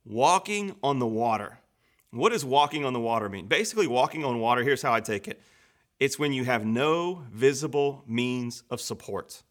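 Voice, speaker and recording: A man pastor giving an earnest, conversational devotional sermon, slowing down and speeding up for emphasis. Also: mid-range voice, a bit bright.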